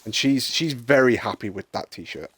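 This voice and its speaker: A man's voice: mid-range voice, lively intonation, normal speed, a bit bright, breathy edge. A man hosting a live stream, chatting casually, telling rambling stories and swearing freely. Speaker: streamer host. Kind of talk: casual chat.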